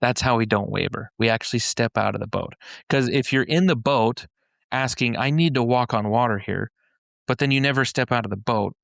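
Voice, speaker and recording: A man with a gravelly, fry-tinged voice talks through a scripture story in a casual podcast conversation. He retells it in loose everyday slang and often trips into restarts. The sound is close and dry, with no room around it. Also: medium pitch, normal speed, fairly bright tone, no echo. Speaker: podcast speaker explaining a faith-based framework. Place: podcast studio in Utah.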